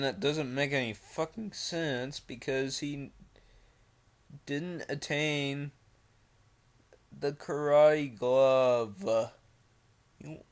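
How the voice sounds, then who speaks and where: A young man reads a creepypasta at an unhurried pace, his voice pitched in a middle range. He keeps stopping to ramble and mock the story, with plenty of fillers along the way. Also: fairly bright tone. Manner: rambling, with many fillers and mocking asides. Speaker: creepypasta reader. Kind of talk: reading a creepypasta with commentary.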